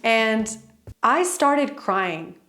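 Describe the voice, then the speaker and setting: A young woman chatting excitedly in a casual storytime vlog, full of "like" fillers. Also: a little high, very slow. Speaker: vlogger.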